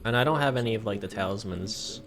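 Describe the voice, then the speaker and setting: A man's voice: fairly low pitch, fast, crowd noise. A man streaming a video game, chatting casually and playfully with a friend on a call, laughing often. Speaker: gaming streamer. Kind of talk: casual chat while playing a game.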